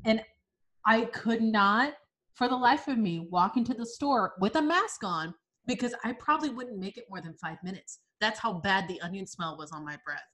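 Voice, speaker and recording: A woman in her twenties chatting casually on a podcast, an animated storyteller who laughs often. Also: medium pitch, moderate pace. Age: 20s. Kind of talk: casual chat.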